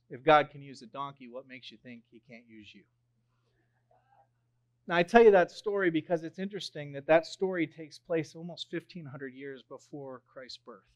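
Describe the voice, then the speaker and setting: A young man preaching a sermon, telling a story in an animated way and swelling loud on key phrases. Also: fairly high pitch. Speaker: pastor.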